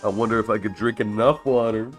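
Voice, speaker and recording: A man's voice: on the low side, fairly even intonation, fast talker, soft background music. A young man streaming a game, chatting casually, drowsy and yawning between comments.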